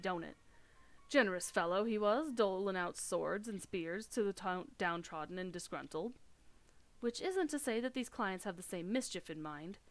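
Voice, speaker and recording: A woman's voice: mid-range voice, lightly acted. A woman reading the lines of a roguish male pirate spy from a game, attempting a Yorkshire pirate accent. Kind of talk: reading game dialogue aloud.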